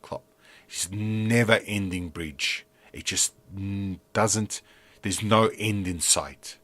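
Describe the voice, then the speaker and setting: A man's voice: fairly low pitch, sharp tone, dry recording. A man hosting a podcast, casually retelling a scene with hesitant restarts and whispered sound effects. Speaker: podcast host.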